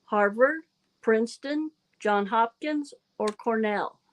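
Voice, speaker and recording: A woman's voice: mid-range voice, takes it slowly. A woman hosting a casual trivia livestream, chatting and reading quiz questions aloud. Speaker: livestream host.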